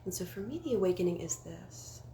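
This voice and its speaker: This young woman, a spiritual life coach, is animated and brisk on her casual livestream, her fairly low, mellow voice carrying some vocal fry. She's earnest and drops to whispers for emphasis. The phone mic picks up a little hiss or hum.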